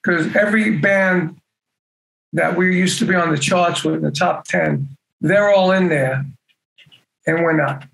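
High gravelly older man rambling. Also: unhurried, long pauses, fairly bright tone, rough recording. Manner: rambling, full of "you know" fillers. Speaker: guest musician. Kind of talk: casual interview chat.

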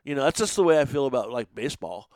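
Animated, foul-mouthed man spinning stories. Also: medium pitch, racing, dry recording. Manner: animated, swears freely, shouts when acting out others. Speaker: podcast guest telling stories. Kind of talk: casual storytelling chat.

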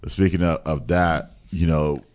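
Male host, very low voice, casual and animated sports chat with lots of repetition. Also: a little slow. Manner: animated, repeats words, laughs often.

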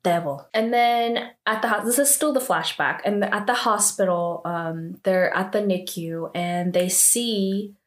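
A woman's voice: medium pitch, measured pace, hardly any pauses. A woman talking through a drama episode for her viewers in a chatty, casual way. She leans on many fillers and reacts to the story as she goes. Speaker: drama recap vlogger. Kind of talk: casual spoken recap.

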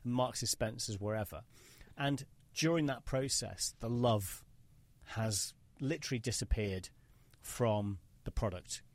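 A man's voice: medium pitch, a little slow, dry recording. Opinionated male podcast host, dry sound. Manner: opinionated, emphatic, rambling. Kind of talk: casual interview chat.

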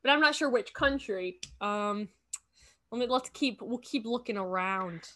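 A woman playing a guessing game, chatting casually and thinking out loud, often correcting herself mid-sentence. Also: fairly high pitch, animated, unhurried, slight background noise. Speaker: game streamer. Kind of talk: casual gameplay chat.

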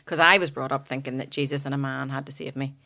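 A woman in her forties, chatting frankly on a podcast as a guest, animated and sweary. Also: very deep voice, quick pace, vocal fry. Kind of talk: casual chat.

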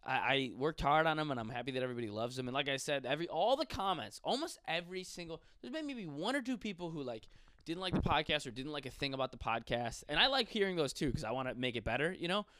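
Young man, podcast host, profane comedic rambling, lively swinging pitch, dry close sound. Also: fast, no echo. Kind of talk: casual comedic monologue.

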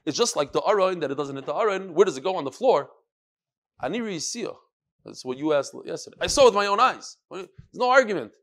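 A man teaching a Talmud class, telling the story with animated quotes and Hebrew and Aramaic terms. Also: sits high, fast.

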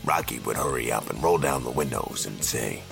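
A man narrating a fan audio drama with deadpan, dry asides. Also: rumbling low, moderate pace, creaky, soft background music. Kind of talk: storytelling narration.

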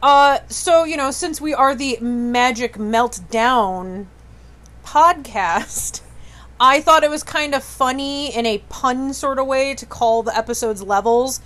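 A young woman co-hosting a casual podcast with a fairly high voice. She rambles, restarts her sentences and swears offhandedly. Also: slow, a bit bright. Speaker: podcast co-host.

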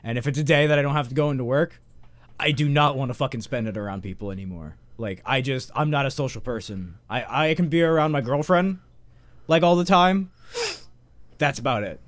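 A man's voice: mid-range voice, a little fast, no echo. A man hosting a podcast in casual chat, stoned, rambling and swearing. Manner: rambling, swearing, tangential jokes. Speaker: podcast host.

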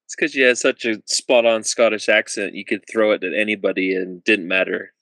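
A man's voice: on the low side, steady tone, a little fast, gravelly, a bit bright, no room sound, poor audio. A man hosting a podcast interview, easygoing and reflective, laughing along with his guest. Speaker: podcast host. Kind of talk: casual interview chat.

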